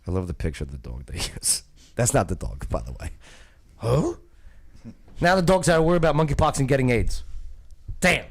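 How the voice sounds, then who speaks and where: A man's voice: medium pitch, sing-song, fairly quick, pauses often. A man hosting a casual comedic talk show, reading news articles aloud and breaking off for jokes and laughs. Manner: reads articles aloud with joking asides and laughs. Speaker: show host.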